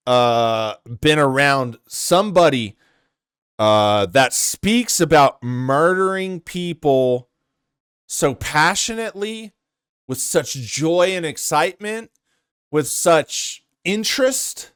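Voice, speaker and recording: A young man rants through reaction commentary, exasperated and swearing as he goes. His voice sits high for a man. The sound is dry and close, with no room around it. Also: animated, takes it slowly, fairly bright tone, clean tone, dry recording. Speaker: commentary host.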